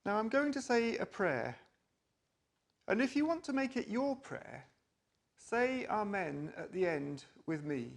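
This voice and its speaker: A children's church leader giving a gentle reflection on a story and leading a prayer. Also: medium pitch, sing-song, vocal fry. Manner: slow, gentle, deliberate.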